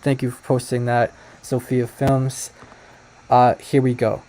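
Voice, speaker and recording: A man's voice: mid-range voice, completely flat delivery, unhurried, warm tone. A man hosting a video, explaining casually to viewers with many fillers and restarts. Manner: addresses viewers directly. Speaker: video host explaining a language.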